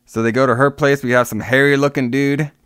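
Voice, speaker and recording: A man's voice: medium pitch, steady tone, brisk, a bit bright, smooth, no echo, clean studio sound. A man casually retelling a film's plot scene by scene, with many fillers and asides. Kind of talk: casual movie recap chat.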